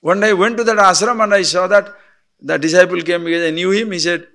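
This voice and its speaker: Man, spiritual teacher, fairly high voice, blunt rhetorical questions. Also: steady tone, fast talker, a bit bright. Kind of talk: spiritual discourse.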